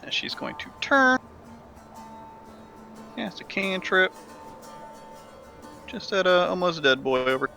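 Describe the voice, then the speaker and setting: A man's voice: sits high, very animated, slow pace, gravelly, long pauses, pushed and bright, soft background music. A man describing his character's spells as a player in a tabletop game.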